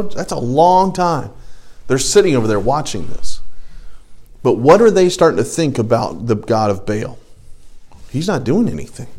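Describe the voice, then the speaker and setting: A man teaching a casual Bible study, reading scripture aloud and adding jokey, conversational asides. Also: fairly high pitch.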